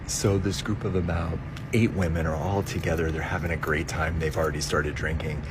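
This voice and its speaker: A man's voice: rumbling low, flat delivery, brisk, background noise. A man telling a stand-up story in a conversational, building manner.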